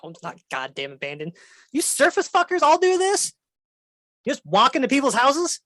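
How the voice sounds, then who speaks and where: A man's voice: extremely high pitch, wildly swooping pitch, moderate pace, a bit bright, no room sound, clean studio sound, voice pushed up, heavily acted. A man voicing a crude, aggressive, horse-sized male dragon who swears and talks street slang in a tabletop game. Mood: gruff. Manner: snarling, swearing, hostile.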